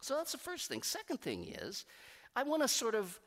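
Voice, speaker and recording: A middle-aged man preaching a sermon as pastor, conversational and animated, swinging between loud emphatic bursts and quiet, soft passages. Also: extremely high pitch, moderate pace. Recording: long hall reverb.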